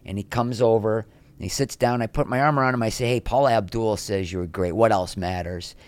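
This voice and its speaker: A middle-aged man telling anecdotes in a casual interview as a podcast guest, lively, with quick asides. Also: on the low side, no echo. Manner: animated anecdotes, quick asides, acts out quoted people.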